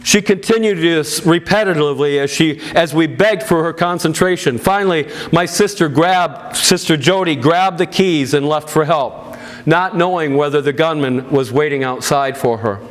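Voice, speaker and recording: A male pastor tells his story to a gathered audience, reading a written account aloud. His voice sits a bit high for a man. He delivers it earnestly and with feeling, breaking off now and then for plain, chatty remarks to the listeners. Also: moderate pace. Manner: earnest, emotional storytelling with loud raised-pitch quotes; plain conversational asides to the audience.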